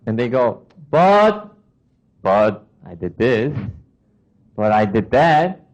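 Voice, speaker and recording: A man's voice: medium pitch, sing-song, slow, darkish tone, rough recording. A man preaching a sermon to a congregation, asking questions and acting out the voices of people and of God.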